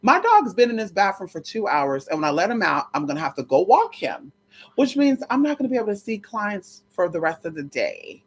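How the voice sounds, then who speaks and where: A woman's voice: medium pitch, very animated, fairly quick, husky. A woman vlogger telling a brash, profane story straight to her viewers in a chatty way. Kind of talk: storytime chat to camera.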